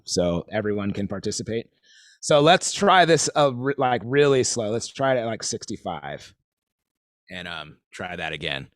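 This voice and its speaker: In a studio-quality, dry recording, a mid-range male voice teaches a live online drum warm-up class. He talks haltingly, filling gaps with fillers, counting in and vocalizing rhythms.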